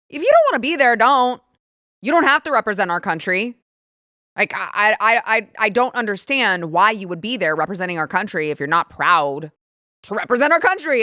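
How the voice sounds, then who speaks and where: A woman's voice: mid-range voice, bright, forceful tone, no room sound. Sarcastic woman host, dry close sound. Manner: sarcastic and indignant, with frequent restarts. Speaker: political commentary host. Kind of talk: opinionated commentary.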